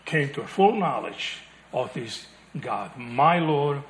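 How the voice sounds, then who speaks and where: A man preaching a sermon, animated, chuckling and acting out the voices he quotes, then dropping to a hush. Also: a little high, moderate pace, roomy sound, slight background noise.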